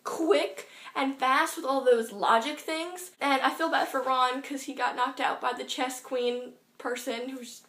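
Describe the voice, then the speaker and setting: A woman's voice: high voice, steady tone, fairly bright tone. Gushing teenage girl book vlogger. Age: teens. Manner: gushing, rambling, quick asides. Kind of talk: excited book review vlog. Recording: roomy echo.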